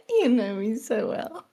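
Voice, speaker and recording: A woman playing a game with her brother, chatting casually and giggling often. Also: high-pitched. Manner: giggly, soft-spoken. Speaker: co-player, streamer's sister. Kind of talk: casual gameplay chat.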